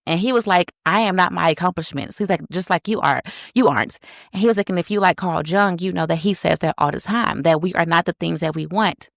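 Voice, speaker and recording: A woman podcast host tells a personal story with lively energy, calling her listeners y'all. Her voice sits a little low, and the sound is dry and close with no room echo. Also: brisk, creaky. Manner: animated, addresses listeners as y'all.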